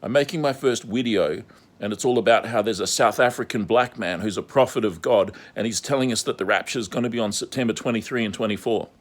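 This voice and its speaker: A man's voice: mid-range voice, lively intonation, normal speed, few pauses, voice pushed up, close to an everyday voice. A man mocking a gushing starry-eyed woman. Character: gushing naive woman making rapture videos.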